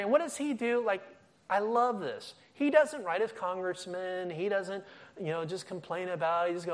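A man's voice: high voice, moderate pace. A middle-aged man giving a sermon as a guest speaker, telling stories with energy and often restarting his sentences. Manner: animated storytelling with frequent restarts.

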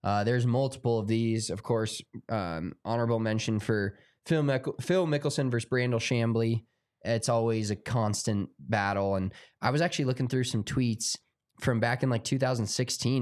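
American guy, mid pitch, easygoing podcast co-host who rambles with plenty of ums. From United States. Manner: relaxed, rambling, frequent fillers. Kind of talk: casual chat.

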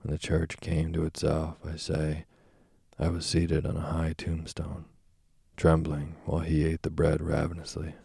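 A man giving a slow, deliberate scripted narration of a classic novel as an audiobook narrator. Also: rumbling low, completely flat delivery, vocal fry, dark tone, husky, no room sound, studio quality.

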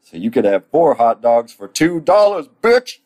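Man doing a crude deadpan hot dog man. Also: low-pitched, normal speed.

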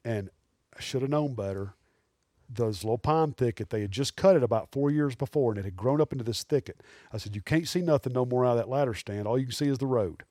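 A man, telling animated, rambling hunting stories as a podcast guest. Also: mid-range voice, quick pace, no room sound, studio quality. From Alabama. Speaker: guest taxidermist. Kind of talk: casual storytelling in a podcast interview.

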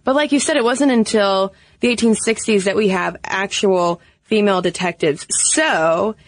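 A woman's voice: mid-range voice, moderate pace, no echo. A woman co-hosting a podcast in a chatty, playful way, talking casually and laughing easily. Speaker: podcast co-host. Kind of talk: casual chat.

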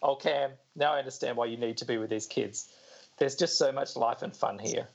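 A man's voice: steady tone, normal speed, creaky. A man reading a cheerful, teasing young woman's lines from a comic in a raised voice. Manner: reads her lines higher and brighter. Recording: dull lo-fi recording.

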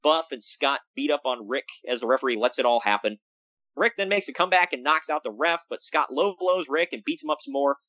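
A man's voice: brisk, no room sound, rough recording. A man co-hosting a casual podcast, recapping wrestling with jokes and big swings in emphasis. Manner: animated, jokey, swings pitch for emphasis. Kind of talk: casual chat.

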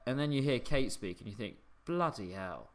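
Bloke cohosting a news pod, jokey and sweary, lots of laughs. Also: male voice, mid-range voice, fast. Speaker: podcast co-host. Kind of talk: casual news chat.

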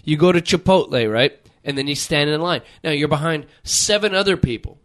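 A man's voice: on the high side, expressive, a little fast. A man hosting a casual chat, ranting with lots of swearing and putting on voices when he quotes people. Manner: profane, exasperated ranting with mock-voiced quotes.

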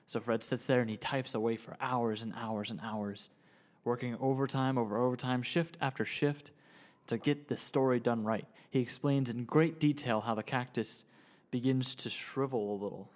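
A man improvising an absurd story in a deadpan, rambling way. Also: mid-range voice, moderate pace. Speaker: co-host, storyteller.

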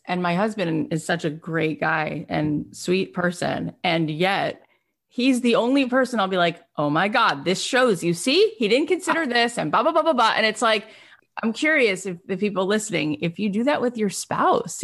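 A woman hosting a casual interview, speaking candidly and chattily and laughing easily. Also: medium pitch. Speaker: podcast host.

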